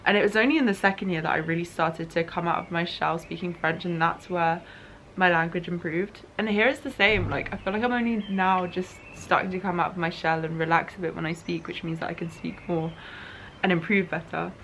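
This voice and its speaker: A woman's voice: lowish voice, fairly even intonation, a little fast, a bit bright, a little hiss or hum. A young woman in her twenties, talking through her thoughts in a reflective, emotional diary-style vlog. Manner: emotional, musing, tearful at times. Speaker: vlogger.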